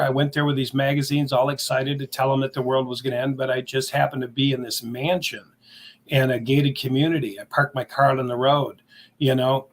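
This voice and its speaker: Man, husky voice, talk-show testimony, earnest and emotional. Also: mid-range voice. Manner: earnest, emotional retelling with acted-out quotes.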